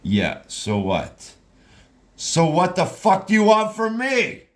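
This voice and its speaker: A man's voice: low-pitched, animated, measured pace, darkish tone, pitched above the performer's own voice. A man voicing a bitter, worn-out sad woman in a storybook reading, curt and weary in the way she talks. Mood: snapping.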